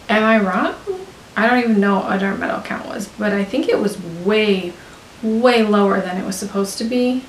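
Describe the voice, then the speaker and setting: Gushing young American woman, roomy sound. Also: mid-range voice. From United States. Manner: gushing, chatty, full of "like". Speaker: beauty vlogger. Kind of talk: casual chat. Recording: roomy with faint hiss.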